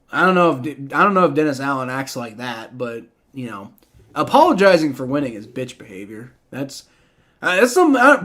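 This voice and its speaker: A man live-streaming a game reaction, ranting in exasperation with heavy profanity and frequent stammering restarts. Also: mid-range voice.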